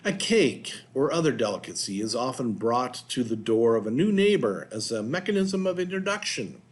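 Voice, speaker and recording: Host voice: mid-pitched man reading text aloud with casual off-script asides. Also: very animated, normal speed. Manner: reads aloud, adding loose asides and fillers. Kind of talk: casual narration reading from notes.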